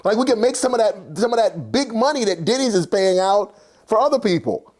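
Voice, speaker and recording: A pushy young male waiter, eager and scheming, talks his friend into a plan in a raised, high voice, as a male storyteller puts him on. The pitch sits well above an ordinary man's. His delivery is persuasive and insistent. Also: expressive, fairly quick, darkish tone.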